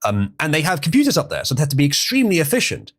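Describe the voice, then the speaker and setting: A man's voice: fairly high pitch, wildly swooping pitch, rapid-fire. A man hosting a livestream, chatting casually, reading chat messages and laughing often. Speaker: livestream host.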